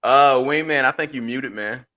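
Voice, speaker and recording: A man's voice: medium pitch, moderate pace, muffled recording. A laid-back man in casual podcast chat, often restarting his sentences.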